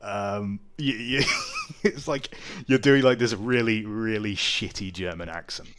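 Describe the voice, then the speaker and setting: A man's voice: on the low side, a little slow, background noise. A man narrating as game master of a tabletop game, chatty with many fillers.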